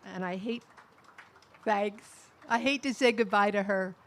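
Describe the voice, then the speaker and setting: Middle-aged woman giving a eulogy, telling fond stories, soft laughs in between. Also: medium pitch, a little fast, slight background noise. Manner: warm anecdotal storytelling with soft laughs. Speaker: eulogy speaker at a memorial. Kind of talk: personal eulogy.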